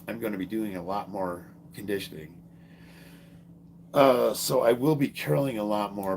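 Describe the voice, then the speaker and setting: Middle-aged lifter dude on a livestream, low gravelly voice, swears a lot, jokey and animated. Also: male voice, a little hiss or hum. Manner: profane, joking, animated storyteller. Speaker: strength athlete and fitness streamer. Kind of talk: casual livestream chat and storytelling.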